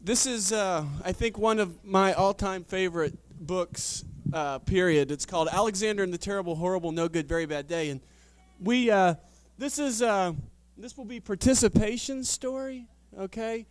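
A man leading a retreat seminar, casually reading a children's story aloud to a crowd, halting and self-deprecating with many fillers. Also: sits high, clear, resonant tone, no echo. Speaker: retreat speaker.

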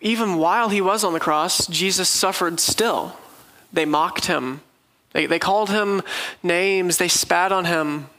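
A man's voice: sits high, measured pace, sharp tone, rough recording. A man preaching a sermon, telling the story earnestly and vividly.

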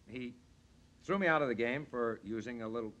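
A man guest on a 1960s television variety show, telling lively stories with a gruff, animated storyteller's manner. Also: medium pitch, fairly quick, muffled recording. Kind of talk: anecdote-telling chat. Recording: 1963 studio show, audience behind.

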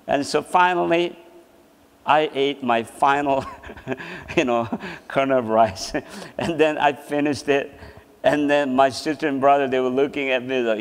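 A man's voice: on the high side, normal speed, clear, resonant tone. Man preaching in a reverberant hall. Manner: laughs often while telling a personal story. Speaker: seminar presenter. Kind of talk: storytelling sermon. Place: church hall.

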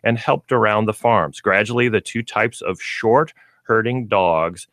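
A man co-hosting a casual pet radio show, reading aloud haltingly and stumbling over hard words. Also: on the low side, a bit bright, dry recording, clean studio sound. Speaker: co-host, pet store representative.

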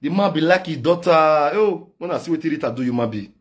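A man with a Nigerian Pidgin accent, delivering a loud comic rant in chanted, repetitive call-outs. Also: fairly high pitch, animated, brisk, slightly rough. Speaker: online comedian. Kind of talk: singing and shouting comic rant.

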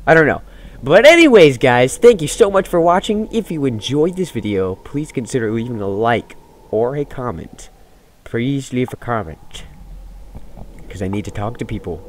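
A man's voice: mid-range voice, big pitch swings, moderate pace. A man giving rambling, jumpy commentary on a horror game he is playing, yelping when startled. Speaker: gaming YouTuber. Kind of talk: let's play commentary.

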